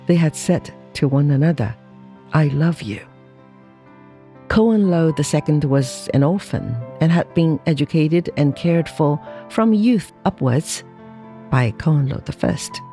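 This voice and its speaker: Slow, mellow audiobook narrator. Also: mid-range voice, lively intonation, soft background music.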